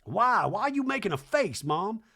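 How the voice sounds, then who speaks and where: An earnest grown daughter holding onto her patience, as a man plays her. She speaks in a fairly high, measured way. Her pitch moves around a lot. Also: sing-song, vocal fry, bright, forceful tone, full character voice. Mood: pleading.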